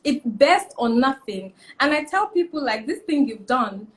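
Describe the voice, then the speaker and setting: A young adult woman, a fashion stylist appearing as a guest in a casual interview, gives emphatic advice. She's animated and repeats key points, speaking at a moderate pace in a voice that's a little high.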